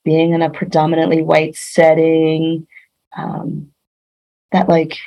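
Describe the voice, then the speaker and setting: A woman's voice: sits low, monotone, slow, gravelly, dark tone, rough recording. A woman guest on a coaching podcast, speaking in an earnest, reflective way. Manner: earnest, reflective, many "like" fillers. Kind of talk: reflective interview talk.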